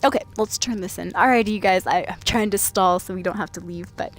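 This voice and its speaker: A woman's voice: mid-range voice, fast. A woman from Washington state chatting casually on a late-night gaming stream, laughing and thanking viewers by name. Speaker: game streamer.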